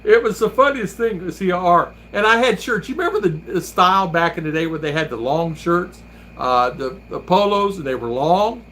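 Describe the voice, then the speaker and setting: A man's voice: high voice, normal speed, fairly bright tone, slight background noise. A man hosting a vlog, chatting casually and telling rambling stories while laughing often. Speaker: vlogger and host. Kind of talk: casual chat.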